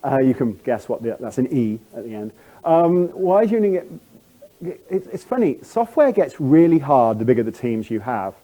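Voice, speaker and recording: A middle-aged man with a standard British accent speaks at a conference. His voice is mellow and relaxed, at an ordinary middle pitch. He rambles in a self-deprecating way, with plenty of fillers and restarts. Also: moderate pace. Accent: English, standard British. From England. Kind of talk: conference talk.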